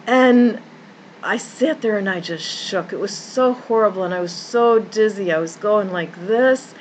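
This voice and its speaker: A woman's voice: mid-range voice, a little slow, slight background noise, rough recording. A woman who works as a life coach, telling a personal story in an earnest way, with many restarts and repeated words. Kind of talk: personal story told to camera.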